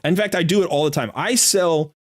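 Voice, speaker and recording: A man with a slightly high voice talks fairly quickly while streaming a game and coaching viewers. His casual commentary is blunt, emphatic, and repetitive, and he sounds a bit irritated as he sorts gear.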